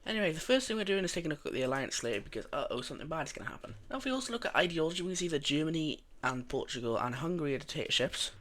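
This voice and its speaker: A man's voice: on the high side, very fast, hardly any pauses. Casual young man narrating a map. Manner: relaxed, rambling, many fillers and restarts. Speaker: mapping video narrator.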